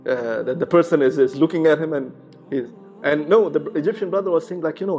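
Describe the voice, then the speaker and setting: A man's voice: fairly high pitch, brisk, a little mellow. A man telling a religious true story in a casual, conversational way, with many restarts and Arabic phrases mixed in. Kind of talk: casual storytelling with acted quotes. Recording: slightly muffled, faint music behind.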